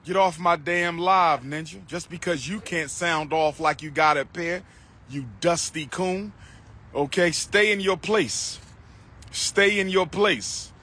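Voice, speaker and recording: A man livestreaming outdoors into a phone, loud and declaiming, repeating his phrases. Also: on the high side, slow pace. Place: outdoors on a street.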